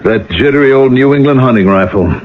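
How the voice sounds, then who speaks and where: An actor playing a tormented middle-aged ex-convict who broods and breaks into shouts, in a 1970s radio drama. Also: male voice, medium pitch, fairly quick, close to an everyday voice. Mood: casual. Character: haunted ex-convict man, tormented, tense. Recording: tinny old radio broadcast with faint hiss.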